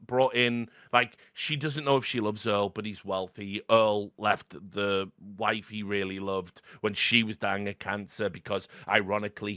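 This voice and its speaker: A man hosting a podcast in casual chat, rambling and animated, swearing freely and laughing as he goes. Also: fairly low pitch, clear, resonant tone, no echo, studio quality. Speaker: podcast host.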